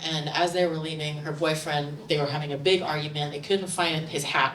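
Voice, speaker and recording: A middle-aged woman telling a story on a bar stage, animated and growing loud and excited. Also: low voice, fairly quick, few pauses. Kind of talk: live storytelling to an audience. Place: stage in a bar, audience present. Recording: roomy live recording from a distance, faint room noise.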